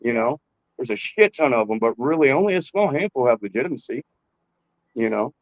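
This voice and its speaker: Laid-back swearing rapper, dry sound. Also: male voice, medium pitch, animated, fairly quick, no room sound, rough recording. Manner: laid-back, swears freely, calls the host bro. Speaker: rapper guest. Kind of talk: casual interview chat.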